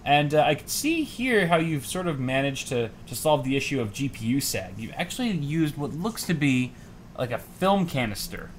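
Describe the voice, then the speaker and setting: A man's voice: a little high, sing-song, moderate pace, a little hiss or hum. A man co-hosting a casual, jokey tech chat, rambling through hardware specs. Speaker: co-host.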